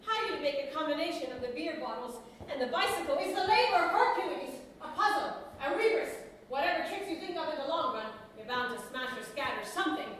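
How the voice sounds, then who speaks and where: A harried middle-aged husband played by a woman with a high voice rants and moans about his miserable life in a stage comedy. The delivery is theatrical and swings between loud and soft. It is heard from far off on an echoey stage with faint noise. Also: animated, fairly quick, few pauses. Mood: weary complaining.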